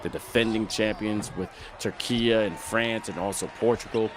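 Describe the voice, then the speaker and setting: A man's voice: fairly low pitch, fairly even intonation, normal speed. Man calling esports basketball play-by-play. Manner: flowing, explanatory play-by-play with asides. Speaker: esports commentator. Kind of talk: play-by-play game commentary.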